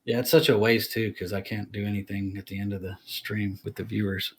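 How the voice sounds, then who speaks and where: American male streamer, low voice, hesitant rambler who trails off mid-thought. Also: little pitch movement, fairly quick, slightly rough. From United States. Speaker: streamer guest. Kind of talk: casual podcast chat.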